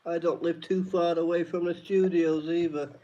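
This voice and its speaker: A man's voice: on the high side, level tone, moderate pace, mellow, a little hiss or hum. A man hosting a live-stream trivia night, reading each question twice and greeting chat viewers by name. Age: adult. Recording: dull lo-fi stream audio.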